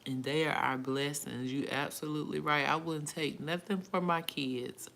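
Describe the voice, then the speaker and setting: A woman's voice: sits low, fairly even intonation, moderate pace, vocal fry, fairly bright tone. A middle-aged woman hosting a casual live stream from her phone, reading viewers' comments aloud and answering them in an emotional, outspoken way.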